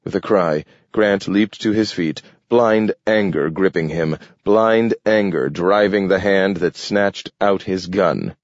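A man reading a story aloud in a measured, steady manner. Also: sits low, no room sound, highs cut off. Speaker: audiobook narrator. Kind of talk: scripted narration.

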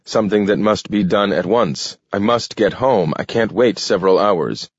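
A man's voice: fairly low pitch, normal speed, breathy edge, dry recording. A man playing a fretful, uneasy middle-aged man in a storybook reading, pleading as he talks. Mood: anxious. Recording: dull, dry lo-fi recording.

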